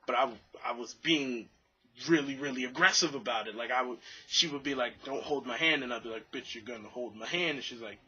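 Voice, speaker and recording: A man's voice: mid-range voice, breathy edge, muffled recording. A young man in his late teens telling a rambling, profane personal story in a casual way and acting out the voices of the people in it. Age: young adult. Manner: rambling, excitable, profane, acts out quoted voices.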